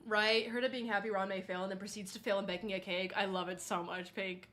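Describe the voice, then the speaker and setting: A woman's voice: mid-range voice, flat delivery, fast, a bit bright. A young woman streaming, chatting casually and reading chat aloud, saying "like" a lot and laughing often.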